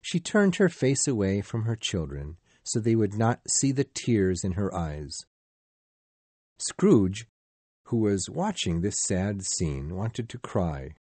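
Male narrator, storybook reading, slow and measured, low dark voice, dry close sound. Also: big pitch swings, dry recording.

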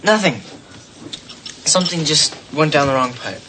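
An actor playing a young man, the teenage son, joking and animated in a sitcom. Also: a little high, measured pace, slight background noise. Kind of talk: sitcom acting. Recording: sitcom audio with studio audience laughter.

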